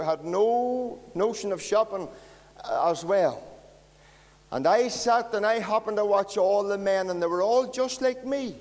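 A Northern Irish pastor with a high-pitched, darkish voice tells folksy stories in his sermon at a church carol service, chatting with the children in the congregation. The sound carries the feel of a large hall.

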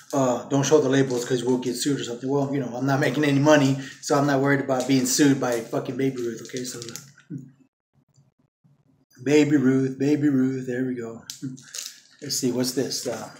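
A man's voice: mid-range voice, roomy sound, a little hiss or hum. A man making a casual solo vlog, rambling with many fillers and repeats while he eats and talks with his mouth full. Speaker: vlogger.

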